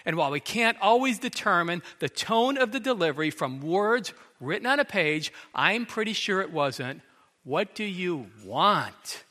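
Middle-aged man, pastor; sermon, dramatic storyteller who acts out quotes; slightly higher voice; reverberant church hall. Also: lively intonation, normal speed, few pauses, sharp tone.

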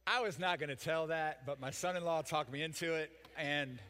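Older pastor cracking jokes in a sermon, kinda high voice, chatty. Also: male voice, normal speed, bright, forceful tone, in a large hall. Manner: folksy, joking, chatty with the congregation.

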